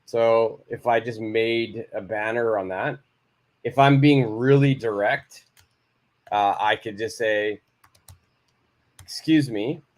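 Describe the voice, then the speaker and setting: A man's voice: fairly low pitch, steady tone, takes it slowly. A man teaching an English lesson live from home, reading out viewers' answers and praising them. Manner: encouraging, reads out viewers' answers and models phrases.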